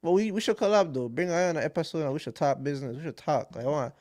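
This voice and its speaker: A young man with a Caribbean accent, co-hosting a casual podcast and talking loudly and excitably, swearing freely. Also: on the high side, quick pace, dry recording, clean studio sound. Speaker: podcast co-host.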